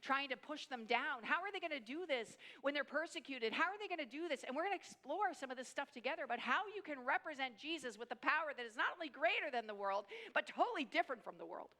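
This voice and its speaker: A middle-aged woman preaches in a lively, conversational way. Her voice sits a little high, and she slips into quick acted-out quotes and hushed asides. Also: in a large hall. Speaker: speaker at family camp. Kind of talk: sermon.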